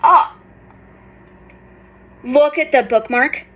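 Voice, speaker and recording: A woman in her thirties doing an excited unboxing vlog, gushing and exclaiming often. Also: high-pitched, drawn-out words, poor audio. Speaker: tarot reader and vlogger.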